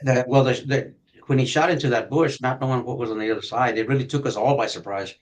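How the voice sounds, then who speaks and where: An older man and retired detective telling police stories in a profane, animated way, acting out shouting as he goes. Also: medium pitch, fast talker, poor audio. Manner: profane, animated storyteller who acts out shouting. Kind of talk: storytelling on a podcast.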